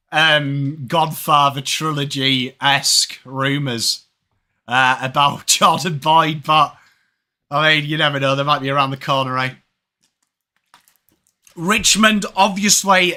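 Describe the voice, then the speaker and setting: English bloke on a live footy stream, chatty, high bright voice, shouts out to chat by name. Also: male voice. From England. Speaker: watch-along streamer.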